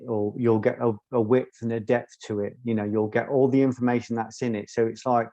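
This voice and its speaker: A man's voice: medium pitch, little pitch movement, a little fast, warm tone, muffled recording. A man interviewing a guest, encouraging and thoughtful as he talks through an idea. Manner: encouraging, thoughtful, explains with a metaphor. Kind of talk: conversational interview.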